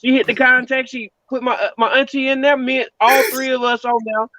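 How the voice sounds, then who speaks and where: High-voiced laid-back man on a call. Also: steady tone, sharp tone, dry recording, highs cut off. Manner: laid-back, unhurried storytelling. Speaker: stream guest. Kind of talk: casual chat.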